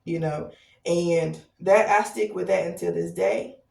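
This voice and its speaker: Frank woman podcaster, gravelly and roomy. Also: fairly low pitch, a little slow, warm tone. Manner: frank, repetitive, swears freely, rhetorical "right?". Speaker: podcast host. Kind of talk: candid personal monologue. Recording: echoey room, voice off-mic.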